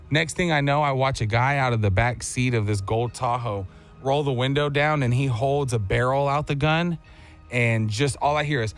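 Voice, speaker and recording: A man's voice: mid-range voice, normal speed. Guy hosting, chatty, does all the voices in his stories, bit of music under him. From Texas. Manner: animated storyteller, acts out quotes. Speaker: radio show host. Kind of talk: casual chat.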